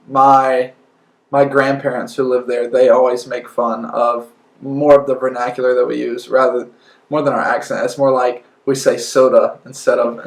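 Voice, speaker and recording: A man's voice: mid-range voice, roomy sound. A young man talking in a casual, laid-back way.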